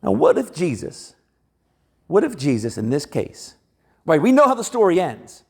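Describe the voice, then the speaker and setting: A man preaching a sermon in a church, talking in a conversational, animated way and acting out the people he quotes. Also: high voice, moderate pace, gravelly, husky. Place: church sanctuary.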